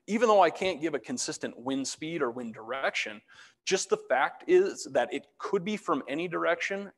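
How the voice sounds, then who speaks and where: A fairly high-voiced man presents his slides in a relaxed, chatty way and drops self-deprecating jokes as he goes. His voice rings with a long reverb, as if he is speaking in a large hall. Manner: self-deprecating, joking asides. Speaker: fire meteorologist giving a public talk. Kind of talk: casual presentation walking through slides.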